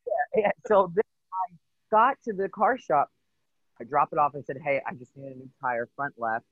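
A man telling a story in casual chat, halting and repeating words. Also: on the high side, big pitch swings, dry recording. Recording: tinny phone-like line.

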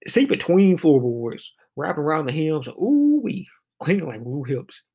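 A man's voice: on the high side, very animated, a little slow, warm tone, slightly rough, pitched above the performer's own voice, exaggerated voice. A man reading a poem aloud, voicing a brassy young woman with an exaggerated put-on accent and a rhythmic delivery.

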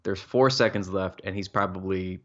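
A man's voice: sits low, moderate pace, lo-fi sound. A young man co-hosting a podcast, ranting heatedly in casual sports talk and swearing freely. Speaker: podcast co-host.

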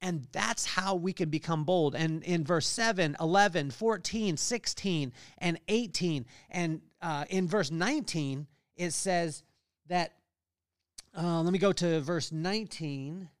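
A middle-aged man hosting a podcast, giving a lively motivational faith talk with family stories and scripture readings. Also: a little high, a little slow, clear, resonant tone, no room sound, clean studio sound. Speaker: podcast host.

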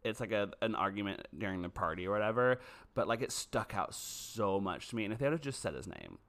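A man's voice: lowish voice, fast talker. A man co-hosting a podcast in casual, jokey chat about a movie. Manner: chatty, animated, jokey. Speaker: podcast co-host.

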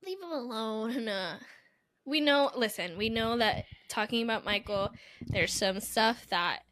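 A woman's voice: fairly high pitch, measured pace, no room sound. A woman co-hosting a podcast in casual chat, telling stories animatedly and acting out the quotes. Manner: animated storytelling, acts out quotes. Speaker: podcast co-host.

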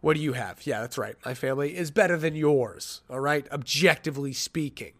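A man hosting a solo sports podcast, chatting casually, rambling and joking at his own expense as he thinks out loud. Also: a little high, fairly quick. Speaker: podcast host.

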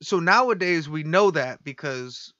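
A man's voice: fairly high pitch, lively intonation, unhurried, sharp tone, dry recording, lo-fi sound. A man co-hosting a podcast, casually telling a history story with swearing and laughs. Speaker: podcast co-host. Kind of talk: casual chat.

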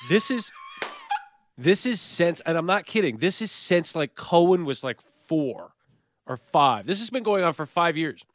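A man with a slightly higher voice co-hosts a casual sports podcast. He tells stories with a self-deprecating humor, recorded close and dry with no room sound. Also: lively intonation, a little slow, no room sound. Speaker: podcast co-host.

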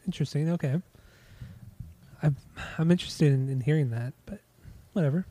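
A man's voice: fairly high pitch, normal speed, dark tone, slight background noise. Laid-back, stammering male host. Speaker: podcast host. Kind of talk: casual chat.

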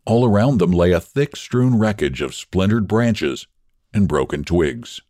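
A man narrating a story in an expressive, measured reading. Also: deep voice, dry recording, clean studio sound.

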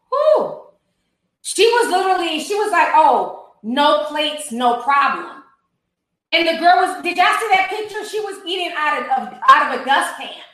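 A woman doing casual commentary on a viral clip, animated, gossipy and laughing, with plenty of profanity. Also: sits high, very echoey, rough recording. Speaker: commentary vlogger.

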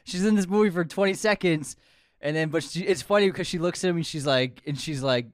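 A man co-hosting a casual chat about a film, jokey and animated, swearing freely and acting out quotes. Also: fairly high pitch, fast talker, no echo, studio quality. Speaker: co-host.

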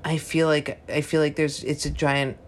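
A woman's voice: low voice, flat delivery, moderate pace. A young woman chatting casually on a podcast, rambling with restarts and casual swearing. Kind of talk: casual chat.

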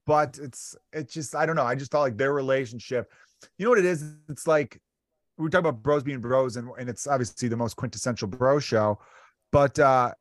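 A man's voice: medium pitch, fairly quick, no echo, studio quality. A male comedian guest in casual podcast chat, rambling and jokey, acting out quotes.

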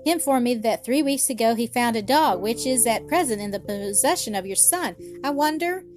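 A courteous gentleman in his sixties speaks with formal, old-fashioned politeness, as a woman reads him. The voice sits fairly high. Soft music plays faintly underneath. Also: lively intonation, a little fast, lightly acted. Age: 60s. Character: kindly older wealthy gentleman, formal and polite.

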